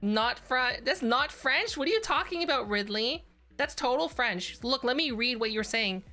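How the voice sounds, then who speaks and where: A woman's voice: a little high, animated, moderate pace, pushed and bright, faint music behind. A woman VTuber streamer chatting casually and playfully with her chat, giggling and reading names aloud.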